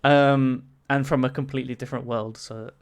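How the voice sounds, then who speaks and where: A man's voice: medium pitch, level tone, normal speed, clean tone. A man narrating a tabletop game as game master, casual, laughing often and swearing.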